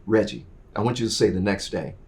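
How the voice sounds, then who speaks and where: A middle-aged man telling his career story in an interview, acting out the people in it and swinging from quiet asides to loud, excited bursts. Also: brisk. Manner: animated, acts out dialogue, swings from low asides to loud bursts. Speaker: interview guest.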